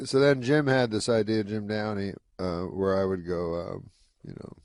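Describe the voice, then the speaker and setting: A man guest on a radio show, telling rambling deadpan anecdotes with plenty of "you know". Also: fairly low pitch, normal speed, no echo, clean studio sound. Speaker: comedian guest. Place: radio studio.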